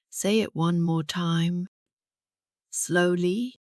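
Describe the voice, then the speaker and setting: A woman with a slightly low voice teaches an English speaking lesson at a very slow, deliberate pace, sounding encouraging and leaving pauses for listeners to repeat. It's a close, dry voice-over with no echo.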